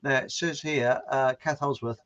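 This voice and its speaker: A man's voice: medium pitch, steady tone, normal speed, a bit bright. Rambling man, muffled audio. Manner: rambling, chuckles at his own jokes. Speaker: show host. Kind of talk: casual chat reading viewer comments.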